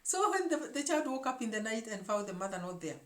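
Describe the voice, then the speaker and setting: A woman's voice: fairly high pitch, sing-song, a little fast. Emphatic woman telling a story in an echoey room. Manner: emphatic, repeats words while searching for them. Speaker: show host. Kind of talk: storytelling monologue to viewers.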